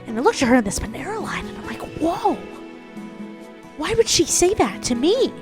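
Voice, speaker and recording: A woman's voice: high voice, sing-song, normal speed, music in the background, pitched above the performer's own voice. A woman doing a comic impression of a boastful middle-aged male preacher, preaching with a pompous sermon cadence. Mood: preachy, boastful. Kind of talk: comedic pastor impression.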